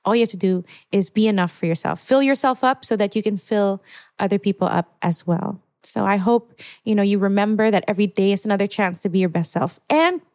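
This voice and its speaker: Podcast guest, woman, 30s, from the Philippines; heartfelt, laughs easily, English with Tagalog; mid pitch, dry close sound. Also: fairly quick, a little mellow, no echo. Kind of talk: casual podcast chat.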